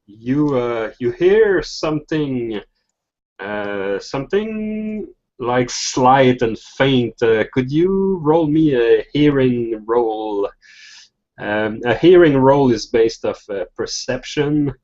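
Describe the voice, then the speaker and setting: Slow, halting male game master. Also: mid-range voice, animated, a little mellow. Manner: halting, laughs between phrases. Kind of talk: narrating a tabletop game. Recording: dull lo-fi recording.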